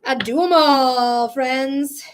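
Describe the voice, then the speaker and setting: A woman's voice: high-pitched, drawn-out words. A woman hosting a live psychic reading stream, chatting casually in a blunt, profane way with frequent laughs. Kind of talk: casual livestream chat.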